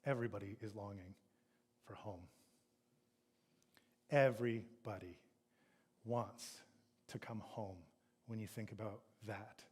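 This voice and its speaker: A male pastor with a lowish, darkish, slightly rough voice preaches slowly in a steady tone, pausing often. He reads scripture and then retells it, acting out the sons' complaints in a raised voice.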